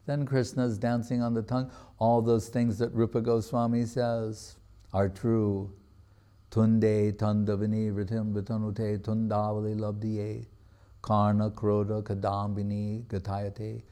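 A man's voice: medium pitch, mellow. A man giving a religious talk, retelling a sacred story in a loose, conversational way with casual asides. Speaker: spiritual teacher.

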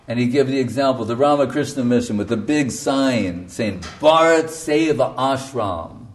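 A man's voice: medium pitch, moderate pace, few pauses, distant mic. A man giving a devotional lecture as a spiritual teacher, earnest and emphatic, quoting his teacher and chanting short verses. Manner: earnest, emphatic, quotes his guru in Bengali and Sanskrit.

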